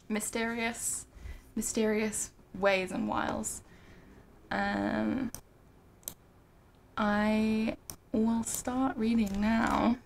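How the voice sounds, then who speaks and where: A woman's voice: fairly high pitch, slight background noise. A young adult woman on a home livestream, chatting casually with lots of ums and restarts, then reading a nonfiction book aloud into a desk mic. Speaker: streamer. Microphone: desk microphone.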